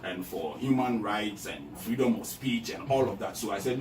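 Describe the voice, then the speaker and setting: Man, lowish voice, emphatic, repetitive, echoey room, distant noisy recording. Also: expressive, normal speed, hardly any pauses, darkish tone. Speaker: guest. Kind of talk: casual interview talk.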